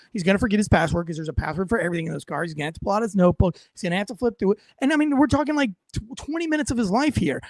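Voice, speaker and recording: A man who was a police officer, giving blunt, profane, animated commentary on footage. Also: high voice, no room sound. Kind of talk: casual reaction commentary.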